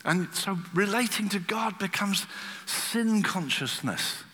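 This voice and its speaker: A man preaching a sermon, a lively storyteller who acts out the voices he quotes. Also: high voice, slow pace, in a large hall.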